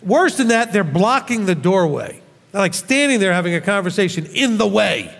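A man preaching a sermon as a rabbi teacher, scolding with rhetorical questions and animated swings. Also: sits high, moderate pace, creaky, long reverb tail.

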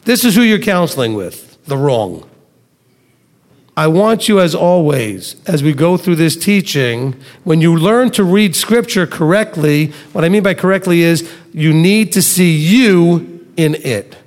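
A man's voice: on the high side, animated, measured pace. A man teaching a sermon to a live and online congregation, emphatic, with rhetorical questions and sarcastic asides. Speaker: Messianic Torah teacher. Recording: long reverb of a large hall.

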